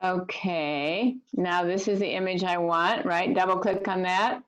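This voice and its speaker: Slow, deliberate woman on a video call. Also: fairly low pitch, steady tone, poor audio. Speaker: guest speaker. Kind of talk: casual video-call chat and slow poetry reading.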